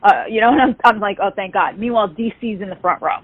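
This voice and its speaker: A woman, telling an animated story as an interview guest and acting out the quoted dialogue. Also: medium pitch, quick pace, dry recording. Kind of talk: casual storytelling. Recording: tinny phone-like call audio.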